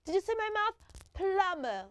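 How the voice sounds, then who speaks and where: A woman hosting a children's TV show, teaching in an animated way and having kids repeat words after her. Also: sits high, a little slow, no echo. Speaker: children's TV host.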